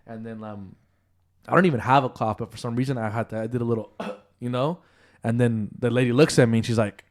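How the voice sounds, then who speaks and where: A man's voice: mid-range voice, a little fast. A man co-hosting a casual podcast chat, telling grocery store stories and acting out the people in them. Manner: animated storytelling, acts out quoted voices. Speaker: podcast co-host.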